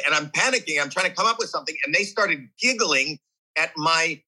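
A man in his sixties tells his story as an interview guest, animated and restless. His voice sits a little high and sounds sharply tense, with a husky edge. He jumps between restarts and acted-out reactions. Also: a little fast, poor audio. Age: 60s. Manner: animated, acts out voices and reactions while recounting; restless, frequent restarts and repeated words. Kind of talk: candid storytelling conversation.

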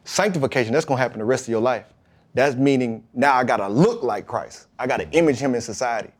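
A football player from Mississippi, USA, appears as a podcast guest, telling a lively story in colloquial language. His voice is medium-pitched and fast, and he animatedly acts out the voices of the people in his tale.

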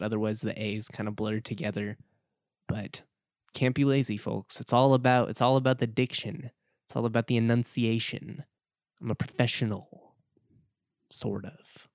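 Young man, casual sports-podcast host, chatty and joking, smooth voice, close dry mic. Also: medium pitch, no room sound. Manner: chatty, self-joking, laughs often. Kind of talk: casual solo podcast talk.

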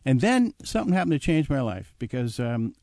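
A man's voice: mid-range voice, fairly quick, no room sound. An older man casually telling a story from his working life, acting out the people in it and chuckling now and then. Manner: animated anecdote with acted quotes and chuckles.

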